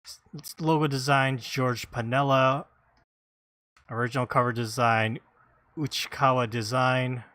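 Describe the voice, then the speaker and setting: A man hosting a casual podcast, reading credits and blurbs in a halting, self-deprecating way. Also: medium pitch, fairly even intonation, bright, forceful tone, no echo, clean studio sound. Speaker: podcast host.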